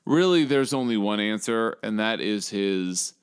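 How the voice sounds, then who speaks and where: Deep, smooth-voiced sarcastic man. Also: lively intonation, a little slow. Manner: profane, sarcastic, rambling with fillers. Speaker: podcast co-host. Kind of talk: casual chat.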